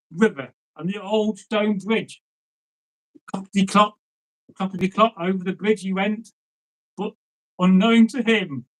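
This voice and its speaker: Man storyteller, casual folk tales, chatty and rambling, fairly high-pitched. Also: poor audio. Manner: rambling, chatty asides, lots of fillers. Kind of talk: casual folk tale telling.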